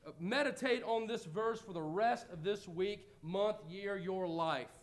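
A middle-aged American man preaching a sermon, earnest, moving between loud pleading and quiet reflection. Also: sits high, measured pace.

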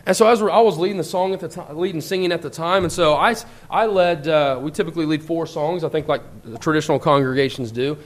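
A man preaches a sermon in an earnest, emphatic way. He reads scripture slowly and deliberately, and his pitch jumps up whenever he voices other people's words.

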